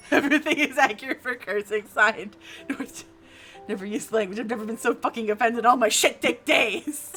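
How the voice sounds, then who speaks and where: A woman's voice: a little high, moderate pace, bright, forceful tone, faint music behind. A woman from New Jersey streaming live in a casual chat, cursing often and restarting her sentences. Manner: frustrated, swears freely, lots of restarts.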